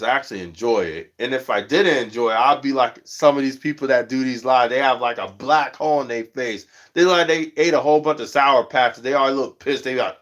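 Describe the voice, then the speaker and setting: A man hosting his own livestream in loose, slangy casual chat, animated when he tells a story and a bit stuffy from allergies. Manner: animated storytelling, jumps high when quoting others; slangy, says "you know what I'm saying" often. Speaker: livestream host.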